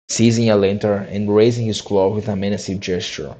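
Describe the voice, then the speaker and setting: Low, dark-voiced male story reader. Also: flat delivery, fairly quick, few pauses, a little hiss or hum, rough recording. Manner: frequent restarts and re-read phrases. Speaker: audiobook reader. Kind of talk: amateur storybook reading.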